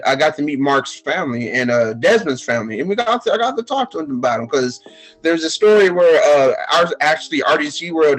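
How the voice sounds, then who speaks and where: Animated young man with a Texas accent. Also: fairly high pitch, low-quality recording. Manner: animated, acts out quotes, many fillers and restarts. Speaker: podcast guest. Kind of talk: casual storytelling chat.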